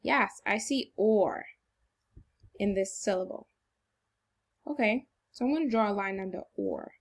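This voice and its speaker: A woman teacher with a medium-pitched, creaky voice gives children a recorded phonics lesson. She speaks slowly and encouragingly, exaggerating her delivery on purpose.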